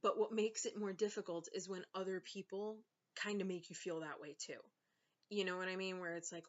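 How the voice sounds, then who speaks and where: A young woman vents to her camera at home in a casual vlog, sarcastic and exasperated, leaning on fillers. Her voice sits at an everyday middle pitch. The recording is a little muffled and lo-fi. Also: normal speed. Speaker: vlogger and author. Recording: slightly dull lo-fi sound.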